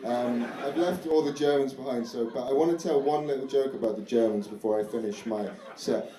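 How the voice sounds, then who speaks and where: A man's voice: medium pitch, a little fast, warm tone. A young man doing a stand-up comedy set before a live audience, chatty and self-deprecating, dropping into mock foreign voices. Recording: echoey club with audience noise.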